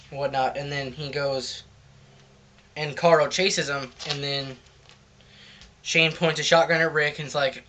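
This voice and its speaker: A man's voice: a little high, little pitch movement, a little slow, pauses often, bright, forceful tone, slight background noise. A man reviewing a comic book in casual chat, rambling loosely through the plot.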